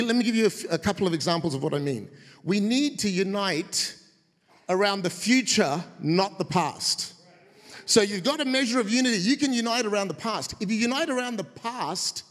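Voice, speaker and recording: Animated man preaching in a reverberant hall. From of Indian heritage. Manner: animated, acts out quoted voices in a high shout. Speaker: guest preacher. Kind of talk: humorous sermon with storytelling. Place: church auditorium.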